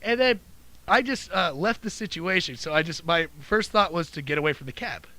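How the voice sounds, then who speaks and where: A man casually telling profane, animated stories about his old job as a cab driver. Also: a little high, moderate pace, dry recording. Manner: loose, profane, animated storytelling. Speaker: podcast co-host, former cab driver. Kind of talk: casual storytelling chat.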